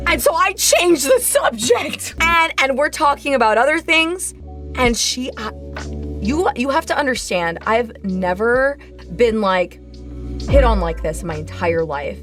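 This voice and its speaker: A woman with a high, bright-sounding voice tells an embarrassing story in loose, rambling chat. She overshares, stumbles over her words and fills the gaps with "like". Quiet music plays underneath. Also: unhurried. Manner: animated, oversharing, many fillers and stammers. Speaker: VTuber storyteller.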